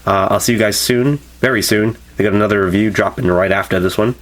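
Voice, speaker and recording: A man's voice: fairly low pitch, fast talker. A man casually reviewing an energy drink flavor, rambling with many fillers and self-corrections. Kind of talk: casual product review vlog.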